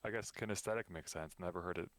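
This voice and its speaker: A man co-hosting a podcast in relaxed casual chat, rambling and laughing often. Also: deep voice, quick pace, no echo. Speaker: podcast co-host.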